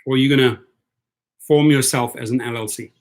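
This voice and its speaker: A man's voice: medium pitch, fairly even intonation, fairly quick. Chatty man rambling in casual talk. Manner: rambling, chatty, repeats words. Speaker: vlogger. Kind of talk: casual chat.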